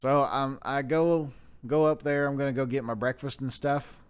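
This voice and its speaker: A man's voice: medium pitch, steady tone, normal speed, smooth. A man co-hosting a podcast, telling a rambling, profane story in casual chat. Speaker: podcast co-host.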